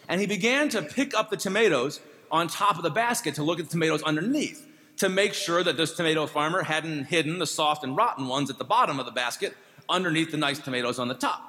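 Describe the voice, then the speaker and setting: Man, pastor, sermon, conversational, light humor, higher voice, long church reverb. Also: fairly quick, bright, forceful tone.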